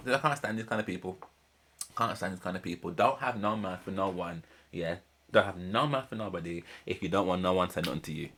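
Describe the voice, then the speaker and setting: A young man, casually commenting and ranting while reacting to a reality show. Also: lowish voice. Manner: animated, ranting, slangy, repeats himself. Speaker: reaction channel host.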